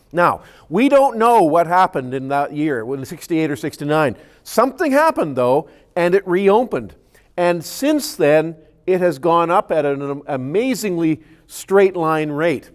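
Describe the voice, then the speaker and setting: A man with a voice a bit above the usual pitch, walking an audience through his slides as a scientist. He explains step by step and stumbles over repeated words when he restarts a thought. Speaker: scientist giving a presentation. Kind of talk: public presentation with slides. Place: community meeting room.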